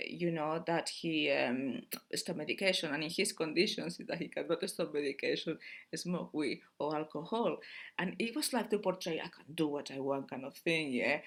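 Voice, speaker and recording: A middle-aged woman vlogs casually to camera in a fairly low voice. She's chatty, laughs a lot, and keeps restarting her sentences.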